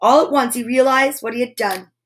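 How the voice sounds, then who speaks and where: A woman reading a picture book aloud to children, expressive, with exclaimed asides. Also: on the high side, a little fast, slight background noise. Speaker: children's storyteller.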